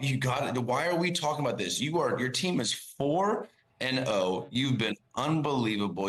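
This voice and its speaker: A man's voice: medium pitch, fairly bright tone, rough recording. A man on a sports talk show panel, sounding exasperated as he lectures about a player's conduct.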